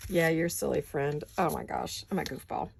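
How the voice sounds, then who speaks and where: Middle-aged woman, craft vlogger, low with some vocal fry, chatty and giggly, talks to herself. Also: unhurried, a little hiss or hum. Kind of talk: casual chat while crafting.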